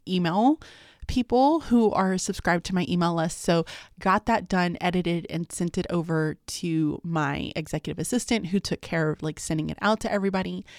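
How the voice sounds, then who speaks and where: A woman's voice: fairly low pitch, dry recording, clean studio sound. A woman in her thirties hosting a podcast, chatting casually about her day, laughing often and calling her listeners "guys.". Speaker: podcast host. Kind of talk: casual video-diary chat.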